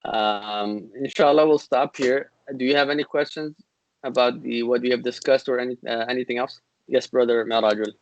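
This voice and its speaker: A man's voice: mid-range voice, fairly even intonation, normal speed, no room sound, rough recording. Guy teaching a grammar class over his computer, patient, keeps repeating stuff, tons of ums. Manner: patient, repetitive, many fillers and restarts. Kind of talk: online class lecture.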